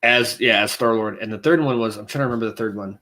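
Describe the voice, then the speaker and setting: A man co-hosting a podcast in casual chat, telling stories in an animated, rambling way and acting out scenes with quick voices. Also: lowish voice. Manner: rambling, self-interrupting. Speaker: podcast co-host.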